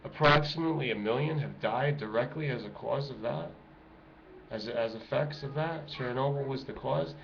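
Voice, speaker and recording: In a gravelly, medium-pitched voice at normal speed, a middle-aged man pours out an impassioned, urgent monologue to his viewers, preaching from home as an activist vlogger. Children are nearby, and the home recording is lo-fi, dull and noisy.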